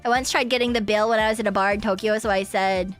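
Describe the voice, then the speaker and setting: A woman's voice: mid-range voice, fairly even intonation, quick pace, faint music behind. A woman streamer chatting casually and rambling, laughing often and swearing now and then. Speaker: VTuber streamer. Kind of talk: casual livestream chat.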